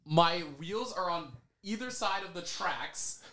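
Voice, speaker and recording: A man's voice: high-pitched, slow pace, sharp tone. A young man on a casual podcast, telling a story about himself and often laughing as he acts out the people in it. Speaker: podcast co-host.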